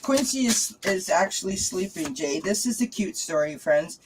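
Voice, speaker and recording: A woman's voice: on the low side, lively intonation, moderate pace, background noise. A chatty woman hosting a live tarot reading stream, greeting viewers, laughing often and cooing to her cat. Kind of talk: casual live-stream chat.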